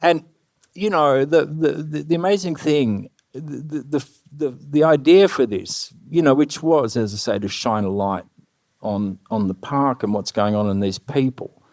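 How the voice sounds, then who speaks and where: A middle-aged man telling anecdotes on stage, animated, swearing freely and acting out the lines of other people. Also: mid-range voice, a little slow, dry recording, studio quality. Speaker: guest musician. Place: live stage before an audience.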